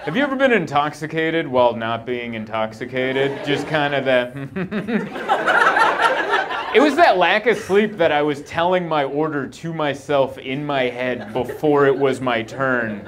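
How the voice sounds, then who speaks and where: A man's voice: medium pitch, lively intonation, moderate pace, hardly any pauses, heavy background noise. A male stand-up comedian telling a long self-deprecating story on stage, acting out his own thoughts. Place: comedy club stage before a live audience. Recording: live show with clear audience laughter.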